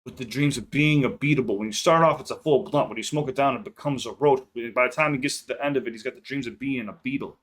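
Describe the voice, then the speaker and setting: Excitable man unpacking rap lyrics. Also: medium pitch, fast talker, few pauses, loud music behind the voice. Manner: excitable, swears casually, stops to unpack lyrics. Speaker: music reaction host. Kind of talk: casual reaction commentary. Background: hip hop track playing faintly.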